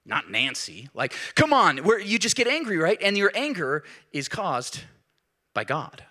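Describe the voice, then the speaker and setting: Animated male preacher in his thirties, bright and slightly high voice, building to emphatic peaks. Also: a little slow. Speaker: pastor. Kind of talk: sermon.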